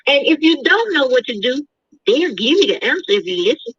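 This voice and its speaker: A woman's voice: high voice, big pitch swings, brisk, fairly bright tone, highs cut off. A woman guest on a talk show who explains at length, teaching with examples. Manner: preachy, explains with examples, rising emotion.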